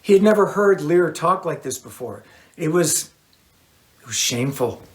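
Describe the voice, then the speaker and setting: A man reading a story aloud in plain, slightly lowered narration. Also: lively intonation, moderate pace. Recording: roomy echo.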